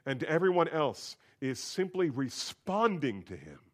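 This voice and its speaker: A man preaching an expository sermon as pastor, moving between quiet asides and rising, emphatic declarations. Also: a little high, big pitch swings, measured pace.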